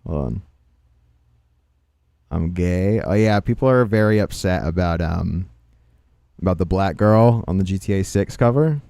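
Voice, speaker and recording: A man's voice: sits low, normal speed, creaky, mellow, clear, resonant tone, no room sound, clean studio sound. A young man hosting a casual reaction livestream, joking and exclaiming in slangy, loose talk. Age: young adult. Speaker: livestream host. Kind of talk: casual reaction stream chat.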